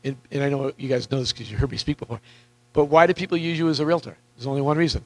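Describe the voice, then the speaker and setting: A man coaches real estate agents at a live seminar, talking very fast in a medium-pitched voice that's wearing out as he loses it. He's energetic and repetitive and questions the audience, and the recording is dry and rough.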